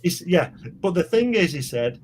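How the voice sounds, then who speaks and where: A man's voice: high voice, sing-song, normal speed, a little hiss or hum. A man telling stories in casual podcast chat, rambling and repeating words as he goes.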